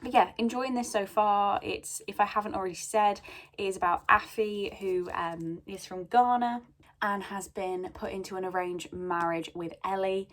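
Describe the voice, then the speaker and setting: In a casual chat about books, a young vlogger talks in a steady, mid-range voice at a moderate speed. She's chatty and rambling, dropping many ums, and seems a little sneezy.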